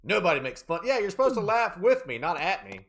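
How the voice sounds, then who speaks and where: A man's voice: high voice, very animated, quick pace, a bit bright. A man streaming a game live, joking around and chatting with his viewers in a playful, teasing way. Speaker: livestreaming gamer. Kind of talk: casual live-stream chat.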